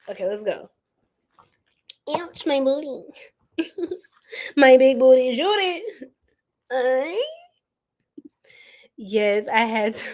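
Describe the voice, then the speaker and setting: A woman's voice: on the high side, a little mellow. A young woman hosting a live tarot reading, talking casually and playfully to her viewers and laughing often. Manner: addresses viewers as y'all and girl. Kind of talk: casual live-stream chat.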